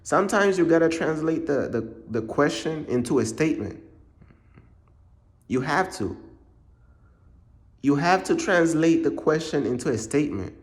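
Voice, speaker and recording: A man's voice: on the high side, animated, unhurried, pauses often. A man preaching in a casual monologue, blunt and repetitive, full of street slang.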